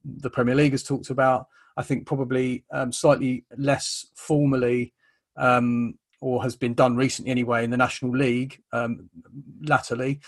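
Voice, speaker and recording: A man's voice: medium pitch, flat delivery, normal speed. A man hosting an interview, talking thoughtfully with many ums and stammered restarts. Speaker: interviewer, host. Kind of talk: conversational interview.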